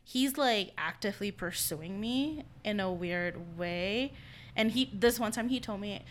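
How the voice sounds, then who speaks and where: A woman's voice: mid-range voice, lively intonation, measured pace, a little hiss or hum. A young woman co-hosting a podcast, casually telling a story about a friend and acting out what people said. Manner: storytelling, quotes others in her tales. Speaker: podcast co-host. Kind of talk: casual chat.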